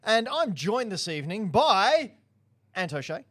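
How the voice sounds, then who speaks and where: A man's voice: high voice, big pitch swings, a little slow, bright, forceful tone. An Australian man hosting a casual podcast, joking around in a loose, rambling way. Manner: jokey, rambling, teasing. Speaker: podcast host.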